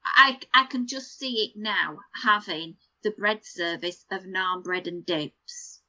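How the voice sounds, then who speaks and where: A woman's voice: medium pitch, takes it slowly, bright, forceful tone, dull audio. A middle-aged woman co-hosting a podcast, chatting casually and savouring vivid details as she lists them. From United Kingdom. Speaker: podcast co-host. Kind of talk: casual chat.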